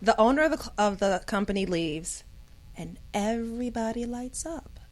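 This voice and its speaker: Midwestern woman guest, high-ish voice, animated, laughing storyteller. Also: moderate pace, a crowd in the background. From Gary, Indiana. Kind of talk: casual storytelling.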